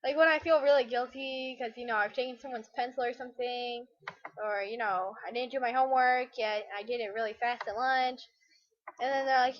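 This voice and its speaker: A chatty woman with a high, light voice talks loosely through her gameplay and wanders from thought to thought with self-deprecating asides. The audio is slightly muffled and lo-fi. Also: steady tone, a little fast. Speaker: let's play gamer. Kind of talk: casual gameplay commentary.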